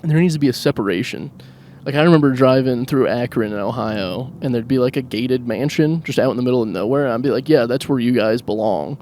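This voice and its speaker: A man talks to himself while he drives, hosting a loose solo podcast. He wanders from one odd thought to the next and makes fun of himself as he goes. His voice sits at an ordinary middle pitch, with a faint hum from the car behind it. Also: quick pace, a little mellow. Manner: rambling, self-mocking, laughs at his own jokes. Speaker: podcast host. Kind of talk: solo rambling comedic monologue. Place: inside a car, driving.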